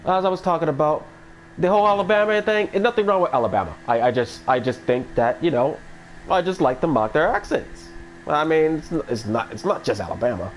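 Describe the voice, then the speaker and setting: A man's voice: on the high side, expressive, fairly quick, a little hiss or hum, rough recording. A man chatting casually on a live stream, rambling with many restarts and frequent swearing.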